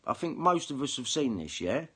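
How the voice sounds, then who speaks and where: A man's voice: medium pitch, very animated, normal speed, bright, forceful tone, breathy edge. A man ranting to camera, swearing heavily and combative, often repeating himself. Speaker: online video commentator. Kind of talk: angry ranting monologue to camera.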